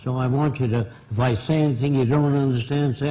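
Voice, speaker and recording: A man lecturing an audience with a mellow, darker tone. He speaks bluntly and emphatically, driving each point home. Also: mid-range voice, steady tone, fairly quick, rough recording. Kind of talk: public lecture.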